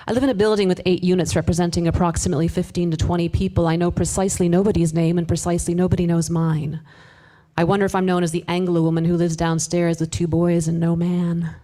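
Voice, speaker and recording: A woman performing a live spoken word piece, confessional and wry, moving between hushed asides and emphatic bursts with sharp swearing. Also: lowish voice, flat delivery, fast talker. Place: live event space with audience.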